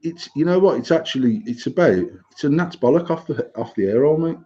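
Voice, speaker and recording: A man's voice: on the high side, lively intonation, fast, warm tone. A man co-hosting a vaping podcast, talking bluntly about coils and gear in sweary, casual banter. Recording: dull lo-fi sound.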